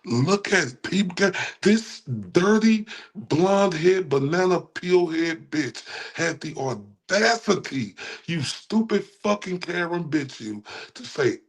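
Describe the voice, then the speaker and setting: A streamer with a Texan accent reacts to clips, ranting at his viewers with heated, taunting, profane commentary. His high voice is expressive and slow. He repeats himself and calls his audience "y'all."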